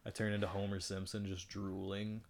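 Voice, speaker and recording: Young guy on a podcast, low voice, goofy and jokey, just chatting. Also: level tone, gravelly, slight background noise. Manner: joking and playful, quick to do silly voices. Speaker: podcast co-host. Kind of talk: casual chat.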